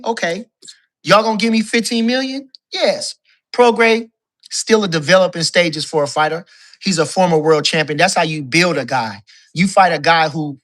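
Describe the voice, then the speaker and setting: Bright-voiced man on a profane boxing rant. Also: fairly high pitch. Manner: profane, emphatic, repeats his points. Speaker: guest caller, boxing commentator. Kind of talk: casual boxing talk rant.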